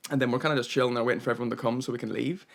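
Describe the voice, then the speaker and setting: A man's voice: mid-range voice, fairly even intonation, very fast, gravelly. A young man narrating his travel vlog in a chatty, rambling way, full of "kinda" and "you know". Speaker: travel vlogger.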